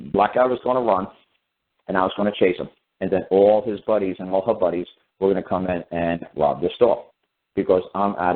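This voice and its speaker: A middle-aged man with a low voice hosts a casual radio talk show, speaking bluntly and circling back over his own points. His voice reaches the listener through a thin, tinny phone-line sound. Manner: blunt storytelling with frequent repetition and restarts.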